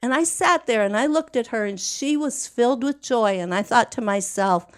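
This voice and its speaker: A woman, a guest, telling a personal story slowly, deliberately and earnestly. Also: a little high, lively intonation, clean tone.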